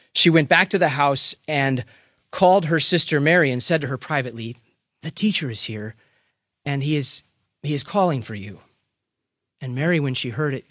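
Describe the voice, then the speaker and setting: A man reading a gospel passage and preaching a sermon, slow and deliberate, dropping to hushed phrases and rising to emphatic ones. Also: mid-range voice, no echo. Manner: slow, deliberate delivery with dramatic swings between hushed and raised phrases. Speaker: pastor.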